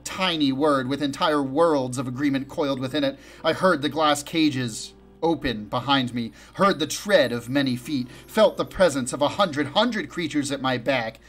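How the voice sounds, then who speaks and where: A man with a mid-range voice reads a dark tale aloud in the first person. His delivery is dramatic, and he stretches key phrases out slowly for weight. Faint music plays under the reading. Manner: dramatic, slows down for emphasis and rises in pitch for quoted speech. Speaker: audiobook reader.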